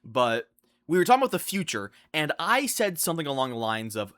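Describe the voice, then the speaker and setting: A young man telling a storytime vlog in an animated, incredulous way, often restarting his sentences. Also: on the high side, fast, no room sound. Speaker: vlogger.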